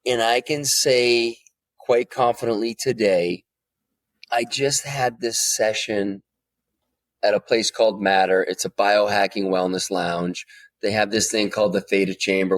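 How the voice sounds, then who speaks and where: A man's voice: on the low side, steady tone, measured pace. A man in his forties, a podcast guest, telling a candid personal story and swearing freely as he grows emotional. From United States.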